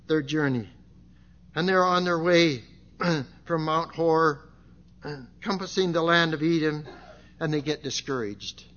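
A middle-aged man preaching at a gospel meeting, swinging from loud fervent exclamations to quiet low asides and repeating scripture lines. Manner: repeats phrases and quotes King James scripture. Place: meeting room. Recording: dull lo-fi recording.

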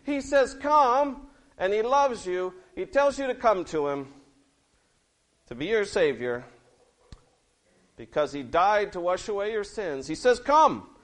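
A middle-aged man giving a lively children's sermon, telling stories with big swings between loud and soft. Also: slow, long pauses. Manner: lively, expressive storytelling with big swings in pitch and loudness. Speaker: preacher.

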